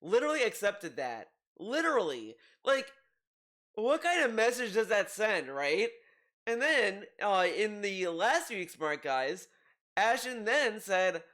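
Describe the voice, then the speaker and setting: A man's voice: sits high, very animated, measured pace, bright, forceful tone. A man giving casual commentary, rambling with frequent restarts and asides. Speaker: commentary youtuber.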